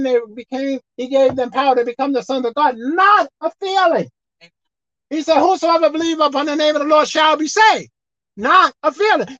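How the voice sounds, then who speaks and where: Woman preacher, sermon, high voice, emphatic outbursts and quiet asides, dull lo-fi dry recording. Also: no room sound.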